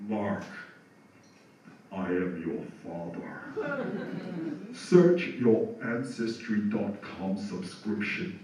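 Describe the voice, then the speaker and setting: A deep, menacing AI dark lord, with low, slow, ominous pronouncements, put on by a man on stage. The voice sounds far from the mic and rings with heavy echo. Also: a crowd in the background. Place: comedy bar stage. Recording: echoey venue from far off.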